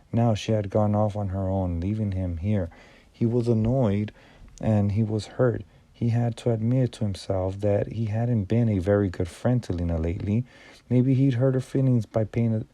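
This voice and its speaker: A man narrating an audiobook in a measured reading style with small stumbles and restarts. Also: on the low side, mellow, dry recording.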